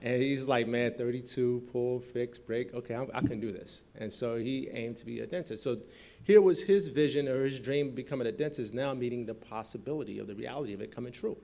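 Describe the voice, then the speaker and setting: A man's voice: medium pitch, fairly quick, vocal fry. A middle-aged man from Newark giving a storytelling talk at a convention, acting out the voices in his story. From Newark, New Jersey. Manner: animated storyteller acting out quoted dialogue. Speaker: guest speaker. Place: convention hall.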